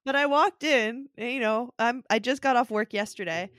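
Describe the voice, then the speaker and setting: Young woman co-host, slightly high voice, dry close recording, easygoing chat. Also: no room sound. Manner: relaxed, quick back-channel replies, laughs along. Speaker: podcast co-host. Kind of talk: casual chat.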